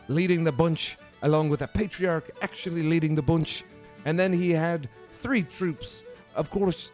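A man's voice: high-pitched, a little mellow. A man doing a hammy put-on Irish brogue. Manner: hammy, stumbling list reading. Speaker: podcast host.

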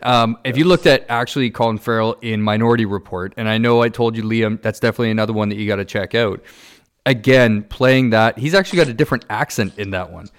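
A man's voice: fairly low pitch, fast. A man hosting a podcast in casual chat, steering the talk with loose, rambling questions. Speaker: podcast host.

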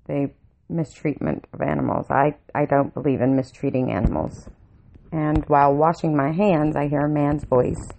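A woman's voice: low voice, gravelly, a little mellow. A woman telling a personal story in a casual monologue, blunt and swearing freely. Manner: blunt, swears freely, heated when retelling anger. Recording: dull lo-fi home recording.

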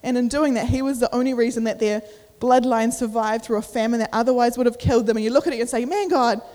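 This young woman talks fast in a fairly high, level, warm voice as she gives a casual youth sermon. In the echoey church hall she's chatty, uses many fillers, acts out inner voices, and sounds a bit winded.

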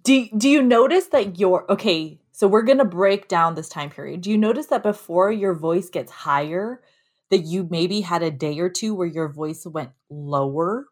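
A married woman talking candidly in a casual conversation, telling stories in an animated, open way. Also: on the low side, normal speed. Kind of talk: casual conversation about anger.

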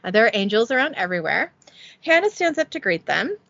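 A woman hosting a podcast recaps an episode, casually reading the script aloud and joking about it in a giggly, self-deprecating way, with little voicing on the quotes. Her mid-range voice is sing-song, fast and gravelly, with a fairly bright tone. The lo-fi recording has no echo.

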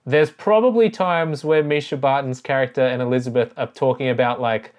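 A man's voice: medium pitch, a little fast. A man chatting on a podcast who asks questions and works through a story step by step. His voice sits in an ordinary middle range. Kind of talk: casual podcast chat.

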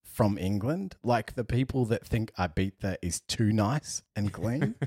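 Husky low-voiced man telling stories. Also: a little slow, dry recording, clean studio sound. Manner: animated storyteller, laughs often, acts out quotes. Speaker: podcast co-host. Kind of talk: casual storytelling chat.

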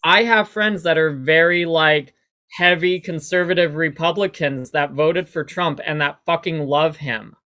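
A man chatting as a guest on a podcast. His voice is bright and forward, and he rambles easily, dropping "like" into almost every sentence. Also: fairly high pitch, a little slow. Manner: rambling, many "like" fillers. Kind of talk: casual interview chat.

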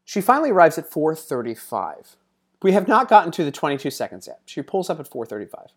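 A man's voice: on the high side, very animated, quick pace. A man telling a personal story in a casual, chatty way, full of side remarks and fillers. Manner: chatty, digressive asides and frequent fillers.

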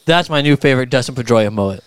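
An easygoing co-host talks in a casual, teasing way. His voice is very crisp and clean. It is recorded close, with a dry sound. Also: medium pitch, animated, fast talker, dry recording. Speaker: podcast co-host. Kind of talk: casual chat.

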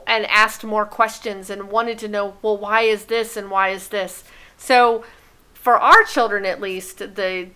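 A woman's voice: medium pitch, fairly bright tone, clear, resonant tone. A woman in her thirties, co-hosting a podcast in eager, chatty talk. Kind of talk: casual chat.

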